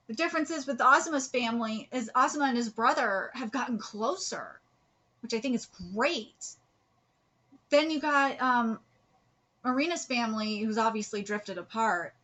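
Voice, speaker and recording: A woman's voice: fairly high pitch, bright, forceful tone, muffled recording. A woman hosting a live manga reaction, talking in an earnest, heartfelt way and rambling with restarts. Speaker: host reacting to a manga chapter.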